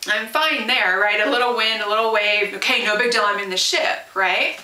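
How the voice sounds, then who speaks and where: A woman's voice: mid-range voice, normal speed, sharp tone. A woman giving a casual Bible lesson in a chatty way, full of asides and rhetorical questions. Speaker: Bible teacher. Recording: roomy, from a distance.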